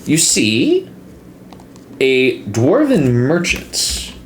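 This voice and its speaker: A man's voice: medium pitch, huge pitch swings, very slow. A man running a tabletop game as game master, talking with hesitant fillers. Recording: echoey room with faint noise.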